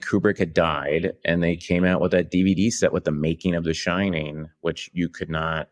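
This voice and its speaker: A man, an actor, chatting in an interview, telling lively stories with quick impressions. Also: low voice. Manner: lively storytelling with impressions and laughs. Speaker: actor guest. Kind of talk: anecdotal interview chat.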